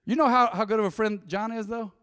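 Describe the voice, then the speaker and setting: A man preaching a sermon as pastor, conversational and lively, with sudden loud bursts and quiet drops. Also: sits high, fast, clean tone, long reverb tail.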